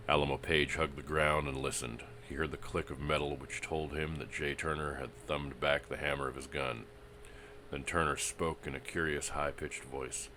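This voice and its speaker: A man narrating a pulp western story in a steady, dramatic reading. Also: rumbling low, moderate pace, slight background noise.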